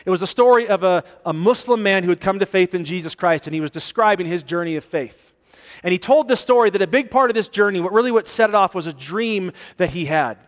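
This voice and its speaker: A man preaching a sermon as pastor, telling stories with animated rises and hushed drops for emphasis. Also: sits high, fast talker, big-room sound. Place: church sanctuary.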